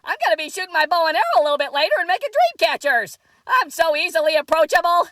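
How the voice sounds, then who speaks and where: A woman's voice: very high-pitched, very animated, quick pace, fairly bright tone, no echo, studio quality, exaggerated voice. A woman doing a comedy sketch impression of a folksy, overly chummy female politician.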